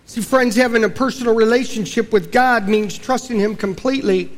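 A man preaching a sermon in a folksy, storytelling way, dropping low and quiet for solemn points. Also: brisk. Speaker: pastor.

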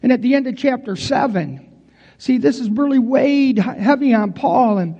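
A man's voice: extremely high pitch, lively intonation, normal speed, dark tone, slightly rough, lo-fi sound. A pastor preaching a conversational sermon in a folksy way, talking straight to his congregation.

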